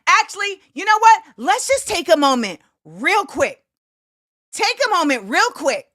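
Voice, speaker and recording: A woman hosting a casual livestream, greeting her viewers in an animated, hyped-up way. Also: very high voice, a little slow, dry recording, studio quality. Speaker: host.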